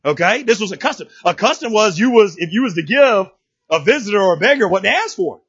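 A man preaching a sermon, animated and playful, acting out characters and rising to shouts. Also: high voice, fast talker, husky, highs cut off. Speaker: pastor.

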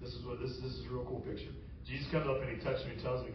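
A man preaching a sermon as pastor, animated and humorous as he retells a story. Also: mid-range voice, racing, background noise. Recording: roomy, distant, dull sound.

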